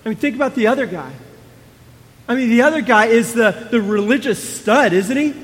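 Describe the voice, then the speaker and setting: A male pastor preaching a sermon in a conversational way, moving between hushed and emphatic. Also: extremely high pitch, expressive, normal speed, pauses often, long reverb tail.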